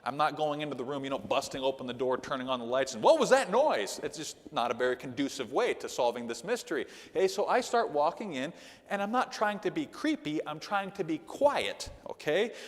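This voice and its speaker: A man gives a Sunday school lesson in the loose, conversational style of a sermon. His voice sits a little high and swings widely in pitch as he tells his stories. The sound carries a long reverb from the church hall. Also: brisk. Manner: animated, conversational, with frequent "okay?" asides.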